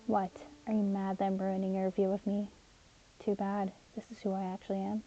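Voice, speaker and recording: A woman voicing a gentle, self-loathing young man named Aaron in an audio story, speaking softly and sometimes in whispers. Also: medium pitch, monotone, fairly quick, highs cut off, lightly acted. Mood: bitter. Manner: soft, breathy, drops to whispers. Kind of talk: audio story role-play.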